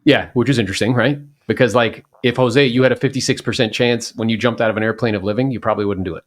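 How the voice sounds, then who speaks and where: Animated man hosting a podcast. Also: medium pitch, fast talker. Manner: animated, acts out quoted people. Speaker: podcast host, real estate agent. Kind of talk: casual podcast chat.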